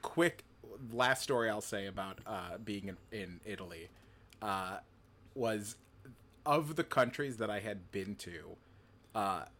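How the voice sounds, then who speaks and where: A man's voice: on the low side, lively intonation, slow pace, fairly bright tone. A man co-hosting a podcast, telling long stories in casual chat with many fillers and restarts. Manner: rambling, filler-heavy storytelling. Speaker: podcast co-host.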